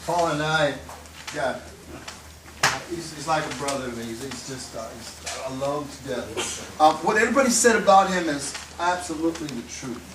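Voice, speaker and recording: Guy giving a halting tribute speech, bit high voice, lots of room echo and background noise. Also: expressive. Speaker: martial arts colleague giving a tribute. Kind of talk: speech at a ceremony. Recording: echoey room, far off, noisy.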